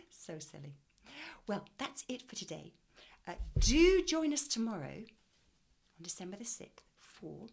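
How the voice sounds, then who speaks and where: A woman reading tutor leading an expressive storybook reading lesson and asking comprehension questions. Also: sits low, vocal fry, husky.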